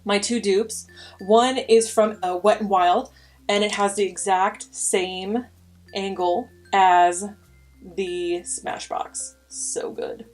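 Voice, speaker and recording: A woman's voice: medium pitch, steady tone, takes it slowly, a little mellow, faint music behind. A young woman vlogger reviewing makeup brushes in a chatty, enthusiastic way, sometimes dropping to a whisper. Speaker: beauty vlogger.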